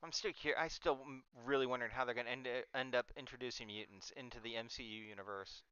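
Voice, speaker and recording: A man's voice: mid-range voice, fairly even intonation, quick pace, sharp tone, smooth, dull audio. A man chatting casually during a watch-along reaction stream. He laughs often and trails off and restarts.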